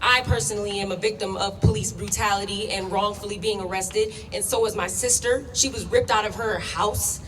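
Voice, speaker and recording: A woman's voice: medium pitch, steady tone, brisk, few pauses, a bit bright. A young woman giving an impassioned, emotional speech at a protest, speaking bluntly and getting worked up. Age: young adult. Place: outdoor protest. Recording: distant, echoey, faint noise.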